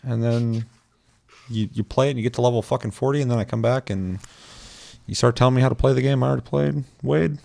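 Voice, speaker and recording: A man's voice: medium pitch, quick pace, vocal fry, a little mellow. A man hosting a casual gaming podcast, swearing often and slipping into silly mocking voices. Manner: profane, jokey, slips into silly mocking voices. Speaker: podcast host.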